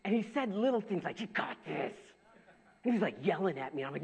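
Lively, high-pitched male pastor preaching. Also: fairly quick, vocal fry, a faint crowd. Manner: animated storytelling with repetitions. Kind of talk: sermon. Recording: dull lo-fi sound.

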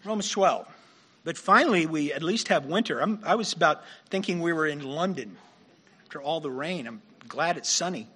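High, bright-voiced male pastor preaching. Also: expressive, moderate pace, husky. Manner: conversational, self-deprecating, laughs while preaching. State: losing his voice. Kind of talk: sermon.

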